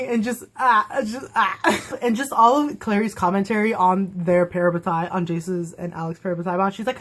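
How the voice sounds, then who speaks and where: A woman's voice: mid-range voice, moderate pace. A young woman giving a casual, gushing review of a TV episode, laughing often and acting out characters' lines. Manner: bubbly, gushing, laughs often, acts out quotes.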